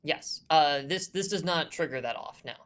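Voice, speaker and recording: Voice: medium pitch, animated, moderate pace, crowd noise. A game master narrating a horror tabletop game in a loose, chatty way with lots of fillers.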